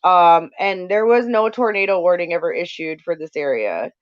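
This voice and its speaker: A woman from North Dakota co-hosting a casual livestream chat, talking in quick bursts. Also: on the low side, animated, dry recording. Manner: chatty, talks fast in bursts. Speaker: co-host. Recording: dull lo-fi stream audio.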